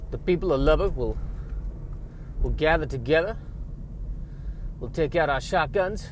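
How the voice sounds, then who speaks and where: A man voicing a boastful, gun-toting Texan man with a Southern Texas accent, talking in a loud, drawling swagger. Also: a little high, animated, a little slow, slight background noise, voice pushed up.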